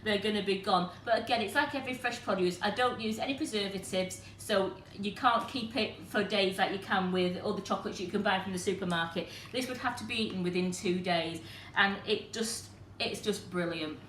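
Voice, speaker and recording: Woman, mid pitch, talks viewers through a live cooking demo in an echoey kitchen with faint background hum. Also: brisk, hardly any pauses, fairly bright tone. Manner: chatty, explains step by step to viewers. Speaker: cooking demonstrator and host.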